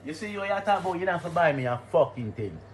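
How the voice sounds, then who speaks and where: A man's voice: on the high side, very animated, very fast, slight background noise. A man with a Jamaican accent trading mocking, repetitive taunts in a heated real-life argument. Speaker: arguing partner.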